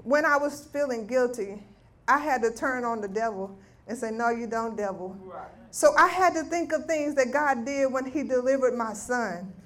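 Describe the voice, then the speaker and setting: A middle-aged woman giving a spoken testimony at a ministry meeting, telling a story with lively acted-out quotes. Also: on the high side, moderate pace. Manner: animated storytelling, acting out voices of family members. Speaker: guest speaker at a women's ministry meeting. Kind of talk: testimony preaching.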